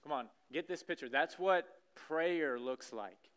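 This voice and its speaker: A man preaching a sermon in a church, acting out scripture scenes with lively energy. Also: a little high, unhurried, smooth. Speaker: pastor. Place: church sanctuary stage.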